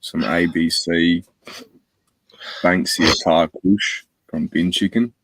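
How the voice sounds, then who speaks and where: A man's voice: low-pitched, fairly even intonation, slow, fairly bright tone, dry recording. A man chatting casually on a live stream, rambling and swearing in slang.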